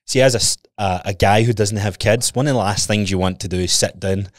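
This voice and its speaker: A young Scottish man with a fairly low voice, chatting on a podcast and swearing through his stories. He chuckles often, and the recording is dry and close, with no room sound. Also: a little fast, no echo. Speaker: podcast co-host. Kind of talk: casual chat.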